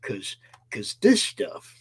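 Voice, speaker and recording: A male host of a live stream, easygoing and guiding his guest. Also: takes it slowly. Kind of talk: casual chat on a live stream.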